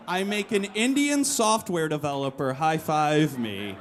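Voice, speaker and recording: A man with a somewhat high voice tells self-mocking stories on stage in a one-man show. His delivery is animated, and he climbs louder and higher as each punchline lands. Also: measured pace, hardly any pauses, a little hiss or hum. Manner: animated, self-deprecating, builds to loud punchlines. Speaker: comedic storyteller. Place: live performance venue.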